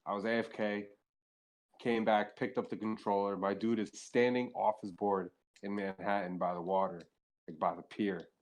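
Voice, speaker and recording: A man's voice: fairly low pitch, little pitch movement, normal speed. A young man as a podcast guest, telling casual, rambling stories, swearing freely and saying "like" all the time. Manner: rambling, profane, heavy use of filler "like". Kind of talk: casual storytelling chat.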